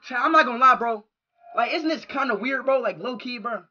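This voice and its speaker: A man live streaming who reacts loudly to a talking app, yelling, cursing and talking in slang. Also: extremely high pitch, brisk, dull audio.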